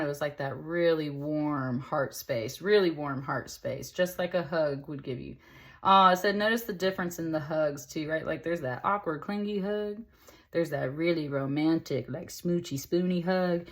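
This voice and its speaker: A woman's voice: sits low, moderate pace. Chatty woman giving a tarot reading. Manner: chatty and upbeat, with many fillers and laughs; speaks directly to viewers with endearments. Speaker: tarot reader. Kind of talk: casual tarot reading to camera.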